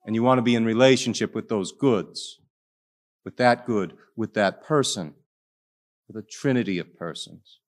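Catholic priest preaching, hushed then booming. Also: male voice, moderate pace. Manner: dramatic storytelling, swinging between loud and hushed. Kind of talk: sermon.

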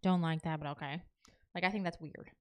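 A woman's voice: low-pitched, brisk, clear, resonant tone. Young woman chatting animatedly about a show. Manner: animated, recounts scenes with quoted voices. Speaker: podcast co-host. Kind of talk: casual chat recapping a reality show.

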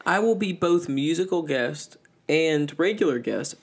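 A man co-hosting a podcast, deadpan and crude in casual banter with friends. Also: fairly high pitch, unhurried, breathy edge. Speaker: podcast co-host.

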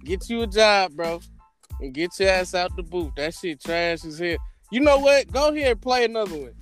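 A man hosts a casual talk show, mocking and trash-talking in loud, slangy bursts. Faint music plays under his voice. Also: sits high, lively intonation, normal speed. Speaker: podcast host. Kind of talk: casual roast chat.

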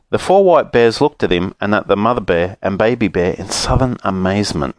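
Low-voiced man reading a storybook. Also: brisk, few pauses, no echo. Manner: lively expressive reading. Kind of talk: storybook read-aloud.

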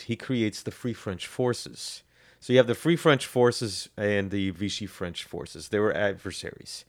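Man explaining history, low voice. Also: a little mellow. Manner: rambling, frequent ums and restarts. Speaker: history podcast co-host. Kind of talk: casual explanatory history chat.

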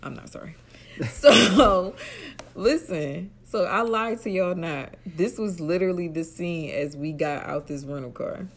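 A woman from Atlantic City co-hosting a podcast in casual chat, telling stories in quick, animated bursts. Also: fairly low pitch. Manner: animated storyteller, quick bursts and frequent laughter. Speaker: podcast co-host.

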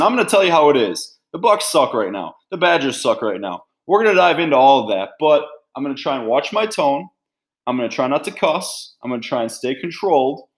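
A man's voice: fairly high pitch, a bit bright. A man hosting a sports podcast, delivering a blunt, fired-up, opinionated rant.

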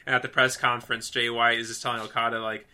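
A man co-hosting a casual podcast, his voice very bright and cutting. He gushes and gets carried away, stringing thoughts together with "like" and dropping curses freely. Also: medium pitch, quick pace, smooth. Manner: excitable, gushing, heavy use of "like", swears freely. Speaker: podcast co-host.

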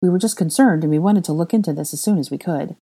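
A woman's voice: lowish voice, quick pace, warm tone, slightly rough. A woman voicing an earnest, bossy young witch who talks urgently and insistently.

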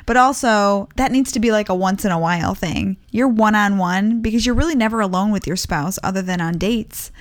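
Midwestern woman, 30s, mid pitch, dry close mic, lively direct podcast co-host. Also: brisk, hardly any pauses, no room sound. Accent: Midwestern American. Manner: lively, direct, gives practical advice. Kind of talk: casual Christian marriage podcast chat.

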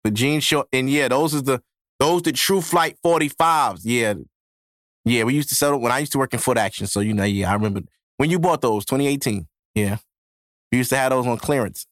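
A man's voice: mid-range voice, normal speed, pauses often, a bit bright, no echo. Male podcast host, casual solo rant, heavy slang and cursing, dry close-mic sound. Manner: loose, profane street slang with frequent laughs. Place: home podcast setup in New York.

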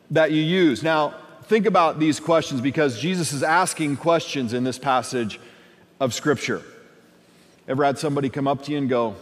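A male pastor giving a conversational sermon, acting out everyday questions in different voices. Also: fairly high pitch. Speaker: lead pastor. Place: church sanctuary. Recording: long hall reverb.

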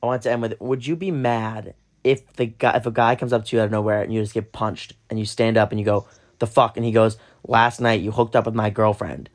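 A young man co-hosting a podcast, talking in an animated, rambling way with plenty of swearing. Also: on the low side, a little fast, hardly any pauses. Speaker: podcast co-host. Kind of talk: casual chat.

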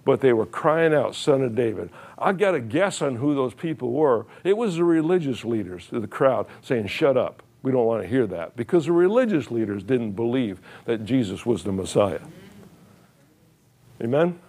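A man's voice: mid-range voice, expressive, moderate pace, a little mellow, slightly rough. A male pastor preaching a sermon in plain, folksy words, emphatic, repeating phrases and putting questions to his listeners. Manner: frequent uh fillers and restarts, plain folksy wording.

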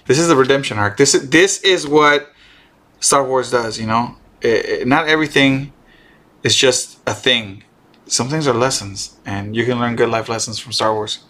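A man chatting casually and excitedly about a show episode, swearing and restarting often. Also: mid-range voice, measured pace. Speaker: streamer co-host. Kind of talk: casual show recap chat.

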